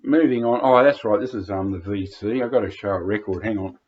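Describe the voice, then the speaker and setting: A man's voice: lowish voice, a little fast. An older Australian man telling rambling anecdotes, hesitant, with many fillers and restarts. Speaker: vlogger reminiscing. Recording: dull lo-fi recording.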